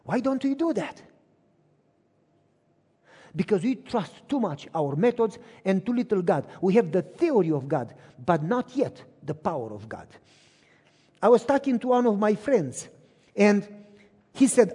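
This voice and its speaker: A middle-aged man preaching a sermon, telling personal stories with lively delivery and acting out both voices in phone conversations. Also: sits high, measured pace, pauses often, slightly rough. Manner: animated storytelling, acts out both sides of phone calls. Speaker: pastor. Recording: reverberant hall.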